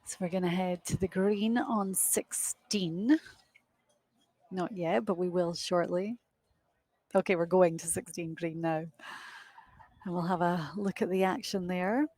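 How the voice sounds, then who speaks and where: A woman's voice: fairly low pitch, steady tone, unhurried, long pauses, warm tone, no room sound. A young woman doing live golf commentary outdoors on a windy course, chatty and self-deprecating.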